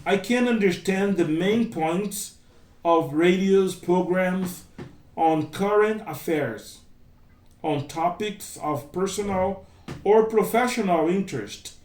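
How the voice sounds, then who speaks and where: Man, Brazilian Portuguese accent, conversation teacher, fairly high voice, heard from across a reverberant room. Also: slow pace, a little mellow, slight background noise. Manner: chatty, repeats phrases, acts out quoted lines. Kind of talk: casual conversation class. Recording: echoey room, voice from a distance.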